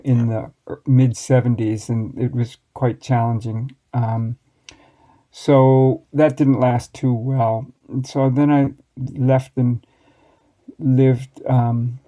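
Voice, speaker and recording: An American man in his sixties, a master baker, telling stories from his past in a relaxed, wry way as an interview guest. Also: mid-range voice, dull audio. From United States. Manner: relaxed, reflective, wry storytelling. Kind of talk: storytelling interview answers.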